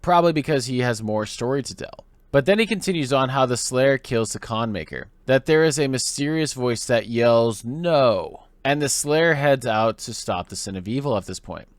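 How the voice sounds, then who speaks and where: A man's voice: mid-range voice, animated, normal speed, no echo. A man hosting a gaming lore video essay, explaining in a conversational way. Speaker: host.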